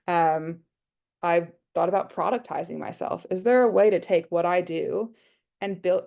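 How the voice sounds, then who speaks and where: Australian woman, low-pitched, gravelly, warm dark tone, chatty workshop presenter, video call audio. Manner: chatty, thinking aloud with many fillers. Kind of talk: casual online workshop talk.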